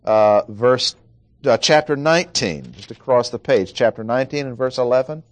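A man preaching a verse-by-verse sermon in a medium-pitched voice. He speaks deliberately, leaning on key words and repeating points for emphasis. The sound is dry and close, with no room echo. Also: lively intonation. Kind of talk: expository sermon.

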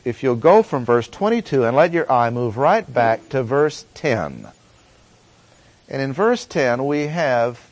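A man teaching a Bible study lecture in an earnest tone, often pausing with "uh" as he explains words and verses. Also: mid-range voice, no echo. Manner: earnest teaching tone with frequent "uh" pauses.

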